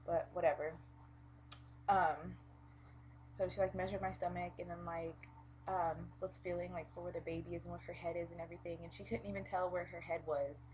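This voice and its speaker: A woman's voice: on the low side, little pitch movement, brisk, darkish tone, slight background noise, low-quality recording. A young woman vlogging in casual chat, venting freely with plenty of swearing and filler words.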